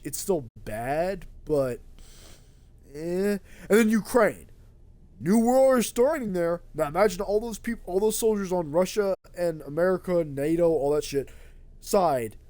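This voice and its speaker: A man's voice: high-pitched, no room sound. A young man streaming a game, rambling and swearing freely in casual chat with a friend. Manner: rambling, excitable, swears a lot.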